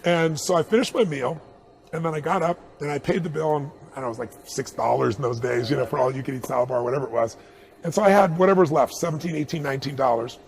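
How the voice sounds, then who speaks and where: A middle-aged man telling a personal anecdote in an interview, animated and chuckling as he acts out the dialogue. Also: a little high, fast. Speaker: interview guest.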